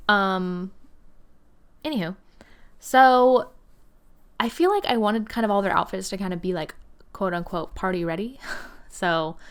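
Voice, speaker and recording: This gaming host, a woman in her twenties, has a fairly low voice with vocal fry. She rambles chattily through gameplay with frequent "like" and "um," some laughter, and moments where she drops to a whisper.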